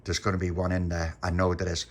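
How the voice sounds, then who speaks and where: A man's voice: sits low, completely flat delivery, fast. A man voicing an eager, bossy little boy who stumbles over his words as he leads his friends' game.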